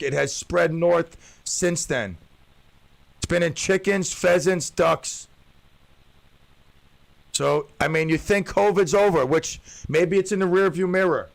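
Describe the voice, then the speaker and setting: A man's voice: a little high, gravelly. A man hosting his own radio talk show alone, joking and rambling with playful tall tales.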